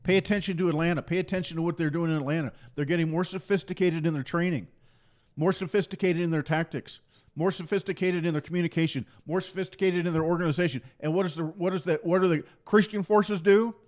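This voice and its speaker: A man preaching a fiery political sermon to pastors, forceful and repetitive, full of mocking rhetorical questions. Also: on the high side, steady tone, fast talker.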